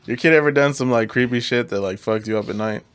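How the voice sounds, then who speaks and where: A man co-hosting a podcast, telling an animated, profane story in a casual chat. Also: medium pitch, fast, clear, resonant tone. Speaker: podcast co-host.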